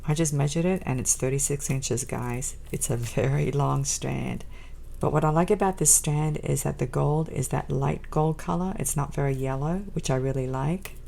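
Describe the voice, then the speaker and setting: Woman, unboxing vlog host, deep voice, gravelly fry, enthusiastic, chatty with viewers. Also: normal speed, dark tone, slight background noise. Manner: gushing, enthusiastic, addresses viewers as guys. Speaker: jewelry designer and channel host.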